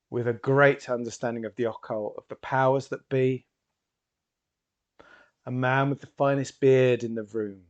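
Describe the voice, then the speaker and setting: A man's voice: medium pitch, muffled recording, pitched above the performer's own voice, close to an everyday voice. A man playing a grandiose stage hypnotist. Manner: theatrical announcer voice, rising and loud. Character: showy male stage hypnotist, grand and smooth.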